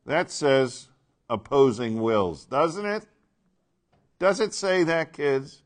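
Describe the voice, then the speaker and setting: Slow, emphatic male Bible teacher. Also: fairly high pitch, lively intonation. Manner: slow, emphatic, asks the class questions. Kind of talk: classroom Bible lesson.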